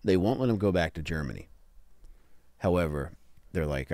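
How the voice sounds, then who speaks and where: A man with a very low voice tells a story in casual podcast chat, his pitch swinging widely as he jokes crudely and swears freely. The sound is dry and close to the mic. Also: expressive, a little fast, darkish tone, no room sound. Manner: crude, joking, profane storyteller. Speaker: podcast host telling the story.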